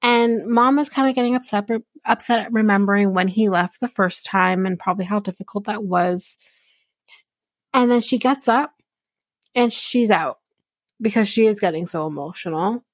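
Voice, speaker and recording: A woman hosts a podcast recap in a loose, chatty way, full of fillers and quick asides. Her voice sits at a middle pitch, and the recording is dry and close with no room around it. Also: no room sound. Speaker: podcast host recapping a reality show. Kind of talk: casual recap chat.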